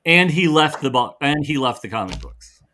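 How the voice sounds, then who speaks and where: A man's voice: on the high side, normal speed, slight background noise. A man co-hosting a casual live chat show, telling a long anecdote and acting out the people in it. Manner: animated storyteller acting out quoted voices. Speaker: podcast co-host.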